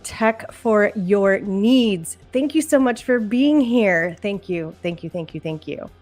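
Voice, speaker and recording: A woman hosts a casual live-stream podcast, chatty and emotional, laughing often as she goes. Her mid-range voice is expressive and a little mellow, moving at a slow pace, with faint music in the background.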